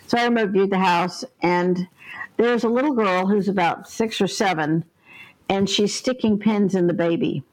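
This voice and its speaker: Here an older woman with a medium-pitched voice talks at a moderate pace, though the audio is poor. As a ghost helper and guest on an interview podcast, she spins earnest, vivid tales and voices the figures in them.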